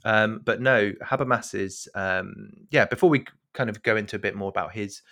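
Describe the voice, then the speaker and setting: Low-voiced wry podcast co-host man. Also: normal speed, gravelly, a bit bright. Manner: wry, hesitant, many fillers. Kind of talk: casual discussion.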